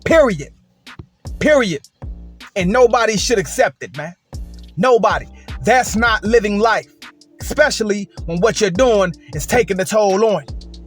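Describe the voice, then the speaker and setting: A man's voice: high-pitched, lively intonation, unhurried, pauses often, faint music behind. A man hosting a commentary video, speaking emphatically and checking in with "right?". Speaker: host.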